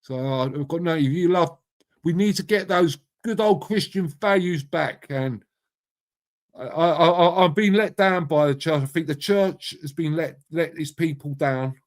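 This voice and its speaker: In a fairly high voice and at a slightly slow pace, a middle-aged live stream host reads the chat aloud. He chats casually with viewers by name, matey and freely swearing.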